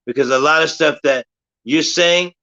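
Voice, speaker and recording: A man hosting a live stream, explaining his views in a measured, lecturing way and trying to keep things logical. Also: on the high side, muffled recording. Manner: measured, lecturing, says he wants to stay calm and logical. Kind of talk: casual talk on a live stream.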